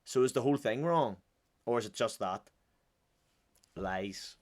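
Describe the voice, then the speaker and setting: A man's voice: medium pitch, animated, a little slow, darkish tone. A man with a Northern Irish accent hosting and joking his way through casual reaction commentary. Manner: joking, chatty, offhand. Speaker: host.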